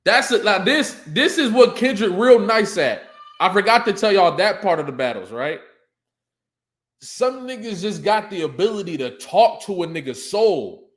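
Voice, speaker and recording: High, animated man hyping rap bars. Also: normal speed. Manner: excitable, hypes up lines, breaks into shouts and laughs. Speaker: battle rapper breaking down diss tracks. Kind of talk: casual reaction commentary.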